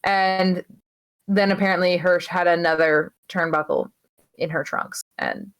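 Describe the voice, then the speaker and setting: A woman's voice: lowish voice, steady tone, unhurried, clear, resonant tone, low-quality recording. A woman co-hosting a podcast, giving a loose, swearing play-by-play recap full of fillers. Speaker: podcast co-host. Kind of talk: casual wrestling recap chat.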